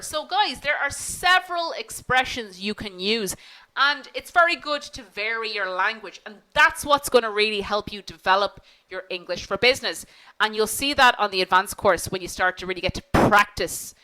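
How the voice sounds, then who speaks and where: A woman's voice: on the high side, lively intonation, moderate pace, bright, forceful tone, low-quality recording. A woman teaching an online business English class, polite and encouraging, acting out example phone phrases.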